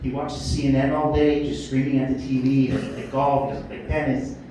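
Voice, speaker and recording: A middle-aged man doing a stand-up set at a comedy club, blunt and profane, yelling out his put-on rants. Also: mid-range voice, level tone, brisk. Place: comedy club stage with audience laughter. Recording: echoey club from a distant mic, noisy.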